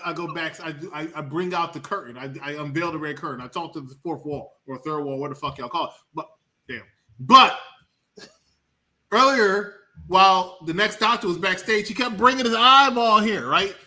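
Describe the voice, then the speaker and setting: High, bright, animated man. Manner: animated, laughing, profane. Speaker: podcast co-host. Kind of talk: casual movie review chat.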